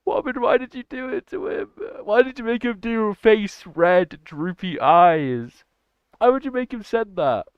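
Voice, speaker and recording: A young man chatting excitably and rambling to his livestream chat. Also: high voice, measured pace, clean tone, no room sound. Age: young adult. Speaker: streamer. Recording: dull lo-fi dry mic.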